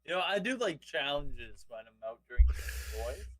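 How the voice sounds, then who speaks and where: Man with a dry, close, fairly high voice. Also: very animated, normal speed, dry recording, rough recording. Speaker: podcast co-host. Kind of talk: casual drunken storytelling.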